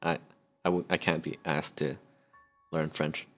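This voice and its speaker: Excitable low-voiced gamer, joking let's play commentary, faint music behind. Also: male voice, measured pace. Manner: excitable and joking, laughs, gets loud. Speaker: gaming YouTuber.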